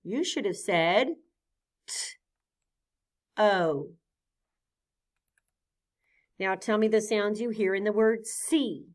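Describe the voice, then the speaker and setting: Sounding out every letter sound with deliberate care, a woman leads a phonics lesson for small children. She stays patient and clear, and her voice is mid-range.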